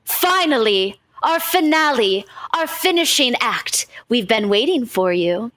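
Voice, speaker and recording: A woman's voice: on the high side, very animated, measured pace, a bit bright, dry recording. Villain ringmaster, male, gloating and theatrical, put on by a woman running the game.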